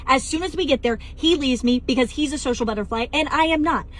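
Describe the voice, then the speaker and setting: High pitched woman doing a funny storytime, really animated, puts on little voices for everyone. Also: quick pace. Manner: animated, acts out voices in her retelling. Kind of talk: comedic storytime monologue.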